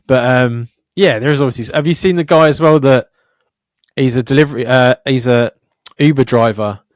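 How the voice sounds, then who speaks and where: Young male podcast co-host, profane and lively storyteller, mid-pitched, dry studio mic. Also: normal speed, no room sound. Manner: sweary, animated storytelling. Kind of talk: casual podcast chat.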